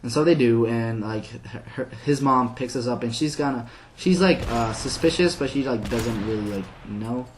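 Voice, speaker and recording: Over background noise, a man with a mid-range voice speaks at normal speed while commentating on a game. He drifts through a long, casual story heavy with "like" fillers, sometimes laughing at what he's telling.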